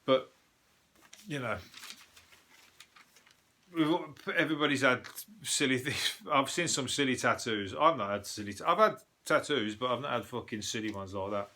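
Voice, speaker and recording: A man's voice: medium pitch, animated, moderate pace, long pauses, bright, forceful tone. A man with a Birmingham accent, a comedian hosting a show and rambling through news stories in a sweary, laughing monologue. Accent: Birmingham (Brummie). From Birmingham, England. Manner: sweary, rambling, laughs at his own jokes.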